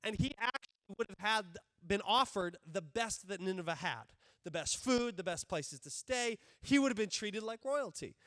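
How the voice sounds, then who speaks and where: A male pastor preaching a sermon to his congregation, animated and acting out the characters in the story. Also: sits high, moderate pace, no room sound, studio quality. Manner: animated, acts out biblical characters' voices. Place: church sanctuary.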